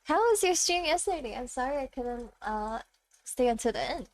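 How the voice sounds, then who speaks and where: Streaming from a room at home, a woman VTuber chats casually with viewers between karaoke songs, giggling and tossing off quick asides as she reads the chat. Her voice sits high and is expressive.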